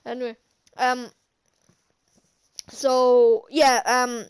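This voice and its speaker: A woman with a high-pitched voice talks through a movie scene by scene in a loose, casual vlog. She hesitates often, restarts her sentences and fills gaps with little words. She keeps chuckling to herself as she goes. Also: flat delivery, drawn-out words, smooth. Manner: rambling, hesitant, many fillers and restarts. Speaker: channel host, film reviewer.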